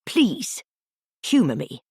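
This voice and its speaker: A woman voicing a stern male headmaster who speaks slowly and quietly, barely holding back his anger. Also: medium pitch, huge pitch swings, husky, dry recording, clean studio sound, voice pushed up, exaggerated voice. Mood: restrained fury. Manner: slow, quiet, barely restrained fury.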